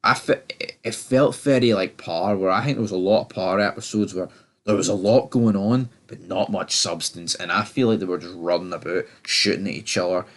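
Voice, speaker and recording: Casting note: young man, slightly low voice, rambling stop-start TV-review chat with a fed-up edge. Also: a little fast. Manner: rambling, stammering restarts, exasperated. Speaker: TV review channel host. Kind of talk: casual episode review.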